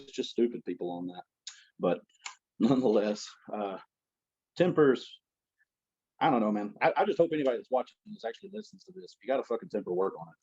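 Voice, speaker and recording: A man's voice: mid-range voice, darkish tone, breathy edge. A man, a guest strength coach and gym owner, talking bluntly and with plenty of swearing in a casual podcast chat. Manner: blunt, profane and emphatic. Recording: dull lo-fi sound.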